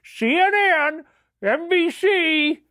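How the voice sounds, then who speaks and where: A man voicing a furious middle-aged father who rants and yells at his son. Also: extremely high pitch, expressive, very slow, dry recording, clean studio sound, pitched above the performer's own voice, exaggerated voice. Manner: ranting, yelling, mock-religious outrage.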